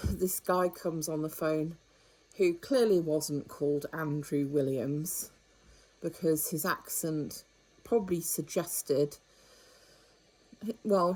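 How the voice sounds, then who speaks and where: A woman's voice: low-pitched, darkish tone, husky, low-quality recording. An older woman, talking to camera in a chatty, wry monologue full of rambling asides. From United Kingdom. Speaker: vlogger. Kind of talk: casual monologue.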